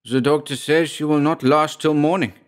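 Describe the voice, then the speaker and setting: A man's voice: on the high side, steady tone, normal speed, pitched above the performer's own voice, lightly acted. A thin, hesitant peasant pleads and bargains in a lifted, nervous voice, done by a man narrating the tale. He stammers and wheedles, always counting his coins. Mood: wheedling. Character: stingy, hesitant peasant farmer son.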